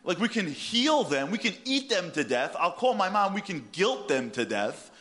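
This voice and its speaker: A man's voice: high-pitched, very animated, moderate pace, fairly bright tone, voice pushed up. A man voicing a frightened crowd that pleads and makes nervous excuses, in a comic sermon. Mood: pleading. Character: whiny frightened Jewish crowd, male, pleading.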